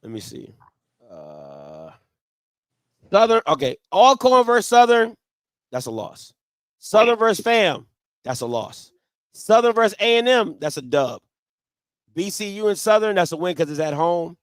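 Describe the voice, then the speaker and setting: A man's voice: high voice, big pitch swings, measured pace, long pauses, clear, resonant tone, dry recording. A man hosting a sports talk show, debating football in an emphatic style and repeating his points.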